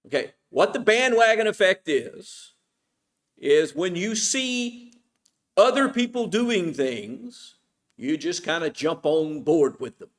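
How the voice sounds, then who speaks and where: A middle-aged man with a fairly high voice leads a Bible study class at church. His teaching is informal and conversational, and he keeps asking the class questions that he then answers himself. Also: sing-song, slow pace.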